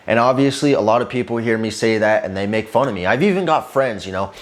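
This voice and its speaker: A man's voice: lowish voice, fast, hardly any pauses. A young man vlogging casually, talking with intense drive, swearing often and rambling with lots of fillers. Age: young adult. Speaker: fitness vlogger. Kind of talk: casual motivational talk to camera.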